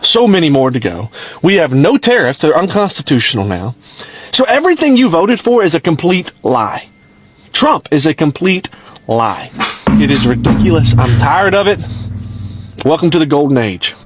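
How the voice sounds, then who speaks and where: A man's voice: fairly high pitch, sing-song, moderate pace, background noise. A man in a video clip ranting in an exasperated, bitter way. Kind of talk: frustrated video rant.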